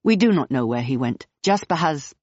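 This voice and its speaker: A woman voicing a guarded female circus performer with a hard-to-place accent, speaking tersely and flatly. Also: deep voice, husky, no room sound, lo-fi sound. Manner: terse, flat and deliberate.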